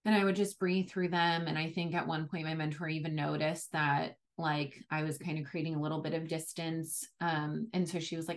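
A woman's voice: low-pitched, little pitch movement, a little fast. Chatty young woman telling a story. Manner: chatty, frequent "like" fillers. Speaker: podcast host. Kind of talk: casual personal storytelling.

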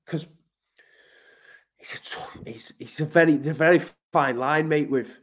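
English guy, manchester, on a podcast, bit higher voice, sweary and fired up, mate every other line. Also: fairly even intonation, normal speed. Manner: blunt, sweary, emphatic, keeps saying mate. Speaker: podcast guest. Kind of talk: casual conversational interview.

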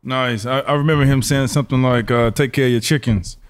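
A middle-aged man hosting a casual interview podcast, relaxed, with many fillers and easy laughs. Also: medium pitch, fairly quick, clear, resonant tone. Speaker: podcast host.

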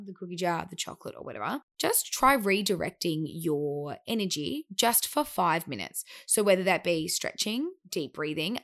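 A woman in her thirties, a fat-loss coach and podcast host, talking through a casual monologue in a chatty, animated way that acts out quoted remarks. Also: on the low side.

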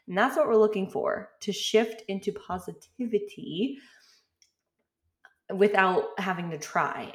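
A woman in her thirties hosting a podcast, talking casually and chattily with frequent fillers and light laughs. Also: on the low side. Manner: chatty, relaxed, lots of "like" and laughs. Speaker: podcast host. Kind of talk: casual solo podcast talk.

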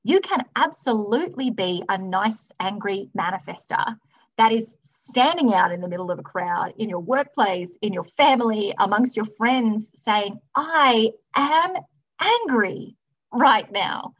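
A woman's voice: medium pitch, moderate pace, highs cut off. A woman hosting a spiritual self-help podcast, talking earnestly and emphatically in long runs of repeated phrases. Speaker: podcast host.

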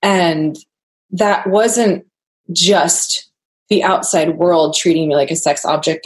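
Candid woman telling her story. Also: lowish voice. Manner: candid, earnest, laughs often. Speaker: guest. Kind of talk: personal storytelling in a podcast interview.

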